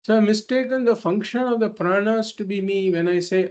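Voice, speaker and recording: A man's voice: high-pitched, normal speed, a little mellow, highs cut off. A man teaching a spiritual philosophy class, explaining patiently and repeating points through simple examples. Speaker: Vedanta teacher.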